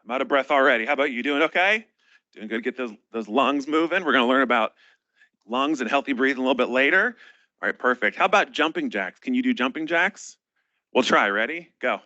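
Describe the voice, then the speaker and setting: A man's voice: medium pitch, animated, a little fast, pushed and bright, no room sound, highs cut off. A man hosting a children's health event, leading a playful exercise break. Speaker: host.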